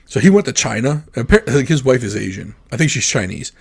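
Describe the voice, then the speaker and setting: A young adult man with a slightly husky voice, co-hosting a relaxed podcast. He rambles from one story to the next, laughs often and swears casually. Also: medium pitch, fairly quick. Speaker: podcast co-host. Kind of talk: casual chat.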